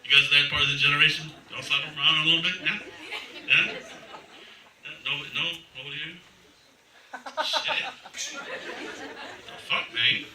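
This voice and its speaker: A man's voice: a little high, level tone, fairly quick, long pauses. A man from Massachusetts doing a crude stand-up comedy set, joking with the crowd from a club stage. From Massachusetts, USA. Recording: echoey club, far from the mic, noisy.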